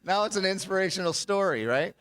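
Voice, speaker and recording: A man's voice: high-pitched, lively intonation, fast talker, fairly bright tone, clean tone, no room sound, clean studio sound. A young man doing a comedy routine as a banquet speaker, telling jokey stories and acting out the voices of people in them. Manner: jokey storytelling, acts out quoted voices. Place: banquet hall.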